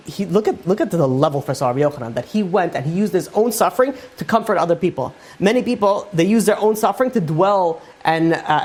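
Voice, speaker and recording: Casual rabbi retelling Talmud stories. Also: male voice, a little high, darkish tone. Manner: conversational, with many "like" and "you know" fillers. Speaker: rabbi teaching a Torah class. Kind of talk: informal Torah lecture.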